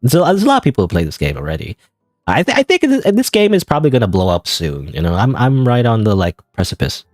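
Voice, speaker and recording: A man's voice: mid-range voice, wildly swooping pitch, fast, darkish tone, no room sound, studio quality, soft background music. A young man from Canada doing casual game commentary, rambling and self-mocking with frequent restarts. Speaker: gaming streamer.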